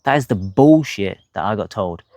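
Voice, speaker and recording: A man's voice: on the low side, lively intonation, normal speed, darkish tone, dry recording. A young man, bluntly telling his own health story to camera, swearing freely. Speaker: health vlogger.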